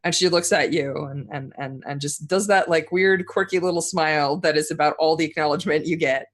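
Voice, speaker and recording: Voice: medium pitch, fairly even intonation, a little fast, fairly bright tone. A game master narrating a tabletop game scene, with many fillers and restarts. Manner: hesitant, filler-heavy narration.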